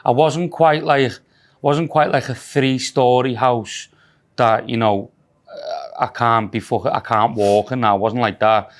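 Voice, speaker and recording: A Scouse man chats loosely on a podcast, swearing freely and poking fun at himself. He restarts sentences a lot and rambles before he gets to the point. His voice sits at an ordinary middle pitch. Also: fairly even intonation, a little slow. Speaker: podcast co-host. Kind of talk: casual banter.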